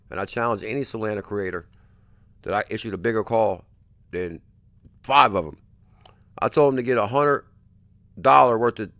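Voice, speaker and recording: A man's voice: medium pitch, a bit bright, dry recording. Pushy hype-talking man on a dry mic. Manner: pushy, repetitive hype, keeps saying "I'm telling you". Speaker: crypto livestream host. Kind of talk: hyped casual livestream talk.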